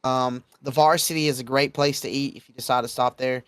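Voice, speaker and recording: A young adult man from Georgia, hosting a casual podcast chat and speaking bluntly, getting animated when laying down rules. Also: mid-range voice, fairly quick, clear, resonant tone, no room sound. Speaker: podcast host.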